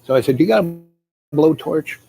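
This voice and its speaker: A man's voice: fairly high pitch, lively intonation, normal speed, gravelly, warm tone, slightly rough, rough recording. A man telling a long rambling story, full of fillers, who acts out the people he quotes. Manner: meandering, many fillers, acts out quoted voices.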